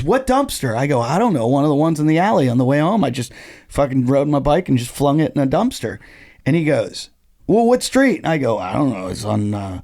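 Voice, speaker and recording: A man with a gravelly, fry-laden voice in the middle of the male range, chatting on a podcast. He spins a rambling comic story and voices each person in it as he goes. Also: medium pitch, warm tone, dry recording, clean studio sound. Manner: storytelling, acting out both sides of the dialogue; loose, rambling with many fillers. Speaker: comedian. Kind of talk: casual podcast chat.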